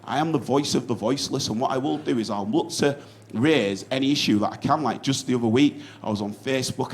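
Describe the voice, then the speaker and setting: A man's voice: medium pitch, a little hiss or hum. A man with a Yorkshire accent doing a stand-up set, telling stories in an earnest, casual way with some swearing. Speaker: stand-up comedian.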